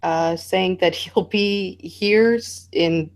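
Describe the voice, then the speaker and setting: Slightly low-voiced woman, wry and hesitant. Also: takes it slowly. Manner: wry, hesitant, reads aloud from posts. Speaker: guest. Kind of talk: casual online discussion.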